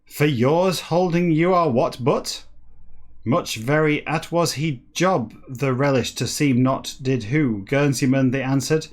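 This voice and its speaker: Slow, dry-humored male reader. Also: medium pitch. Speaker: comic reader. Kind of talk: comic book reading with asides.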